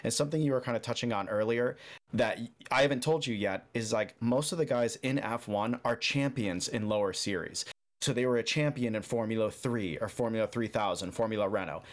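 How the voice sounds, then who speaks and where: Guy co-host laying things out calmly, easygoing chat, average voice. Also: mid-range voice, brisk. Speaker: podcast co-host explaining racing. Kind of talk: casual chat.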